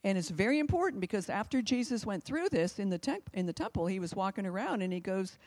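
A woman's voice: medium pitch, expressive, fast, a little mellow. A woman preaching a live sermon to a church, conversational and fervent, often turning to the congregation with questions. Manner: fervent, urgent emphasis. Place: church service, also streamed online.

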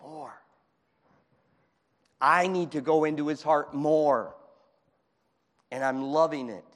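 A man preaching a fervent sermon in a church, moving between shouting and hushed speech. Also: medium pitch, smooth. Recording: long hall reverb.

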